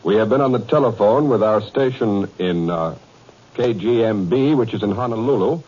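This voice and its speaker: A man announcing war news bulletins in a formal, measured way on 1940s radio. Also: lowish voice, expressive, darkish tone, breathy edge. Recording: muffled 1940s radio broadcast.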